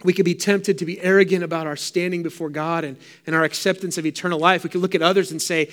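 A middle-aged male pastor delivering a sermon with fervent, emphatic repetition. His voice sits notably high for a man. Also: fairly even intonation, fast, hardly any pauses, a bit bright.

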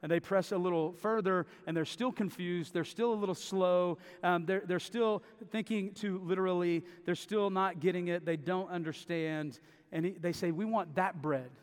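A man's voice: high-pitched, steady tone, moderate pace, smooth. A man preaching a sermon, emphatic and repeating phrases for stress. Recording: long reverb of a large hall.

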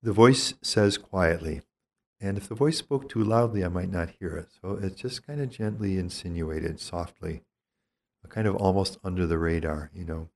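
This is an older male priest giving spiritual teaching in a calm, reflective way. His voice sits very low and deep. He talks gently and thoughtfully, measuring each phrase and often pausing mid-thought. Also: gravelly, slight background noise.

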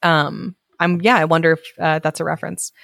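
A woman's voice: deep voice, little pitch movement, brisk, gravelly, fairly bright tone, no echo, studio quality. A woman hosting a podcast reading a story aloud, breaking off for joking, casual asides.

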